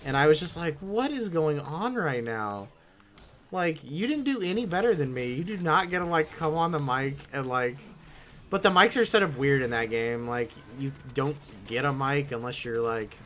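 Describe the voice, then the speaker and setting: A man's voice: on the high side, normal speed. A man streaming a game, telling rambling stories and quoting others in a raised voice, swearing freely. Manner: rambling, animated storytelling with mimicked quotes. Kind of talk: casual gaming stream chat.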